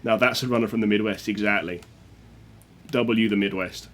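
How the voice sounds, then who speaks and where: His voice sits on the low side with a fairly bright tone, fairly even intonation, and a normal speed. While streaming a speedrun, he chats casually, cracks jokes with viewers, and reads chat aloud.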